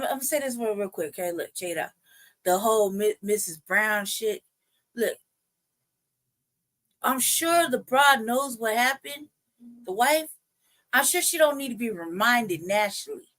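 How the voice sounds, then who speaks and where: A woman with a somewhat high voice delivers a profane, heated livestream rant. She repeats herself and keeps trying to calm down mid-flow. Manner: profane, heated, repetitive ranting. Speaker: livestream host. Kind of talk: ranting commentary livestream.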